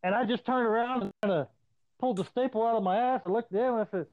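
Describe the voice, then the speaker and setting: A man casually swapping profane stories in an animated, storytelling way. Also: very high-pitched, quick pace, no echo. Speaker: podcast host. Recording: dry, tinny phone-like line.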